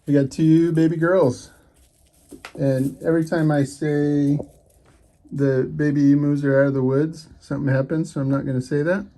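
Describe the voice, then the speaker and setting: A backyard animal keeper chatting casually to pet emus outdoors, often slipping into high baby talk. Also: fairly even intonation, normal speed, mellow. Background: faint outdoor ambience and bird sounds.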